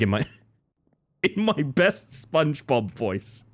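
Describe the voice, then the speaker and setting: A man live-streaming a game, chatting playfully with viewers, giggling and jumping into silly squeaky bits. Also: very animated, slow, vocal fry. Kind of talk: live-streamed gameplay chat.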